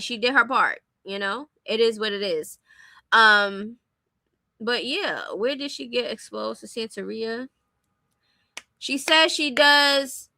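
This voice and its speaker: A young woman with a high, very bright voice, talking casually and bluntly to her audience. She is close on the mic in a dry room with no echo. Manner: blunt, opinionated, speaks directly to viewers. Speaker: commentary streamer. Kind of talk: casual commentary on celebrity gossip.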